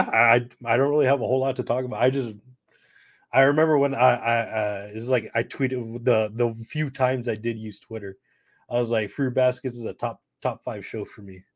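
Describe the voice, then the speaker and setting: A man's voice: medium pitch, dry recording. A man co-hosting a casual podcast, eager and swearing casually. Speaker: podcast co-host.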